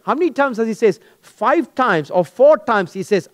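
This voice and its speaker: A male pastor delivers a sermon with a noticeably high voice. He tells stories with animation and speaks directly to his listeners. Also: moderate pace, few pauses. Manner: animated, storytelling, acts out dialogues.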